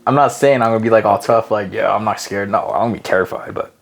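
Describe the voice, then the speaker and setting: A man co-hosting a casual faith podcast, telling stories in an animated, slangy way and laughing easily. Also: fairly low pitch, fast talker, creaky. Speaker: podcast co-host. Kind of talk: casual religious discussion.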